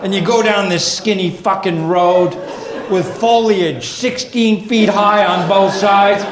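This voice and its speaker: Profane stand-up comic ranting on stage. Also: male voice, high voice, slow. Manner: profane ranting, rising to shouted exasperation. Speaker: stand-up comedian. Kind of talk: stand-up comedy routine. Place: comedy club stage. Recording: echoey live club with crowd. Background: audience laughter.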